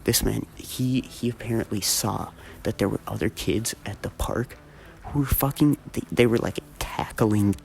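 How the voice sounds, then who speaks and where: A man's voice: on the low side, measured pace, creaky, a little mellow, slight background noise. A young man telling a rambling story in a casual way, swearing a lot and using many fillers.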